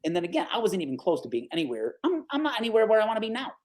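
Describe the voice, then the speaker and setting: A man in his forties from upstate New York, a sports broadcaster telling stories as a podcast guest, animated and casual, often saying "dude" and "right?". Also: sits high, very fast. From Capital Region, New York. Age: 40s. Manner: animated, acts out quoted voices, says "dude" and "right?" often. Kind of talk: casual storytelling interview.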